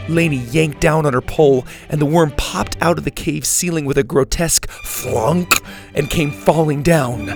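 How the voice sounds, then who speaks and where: Guy reading a kids story out loud, gravelly voice, quiet music underneath. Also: on the high side, normal speed. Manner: even expressive read-aloud. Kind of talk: storybook narration.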